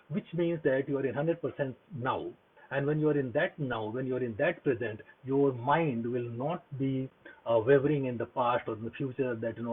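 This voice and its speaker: Brief: earnest male speaker, husky tone, motivational talk, phone-quality audio. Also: medium pitch, lively intonation, normal speed. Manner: earnest, repetitive, many fillers and restarts. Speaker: speaker giving a talk on mindfulness. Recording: husky voice over a tinny phone-like line.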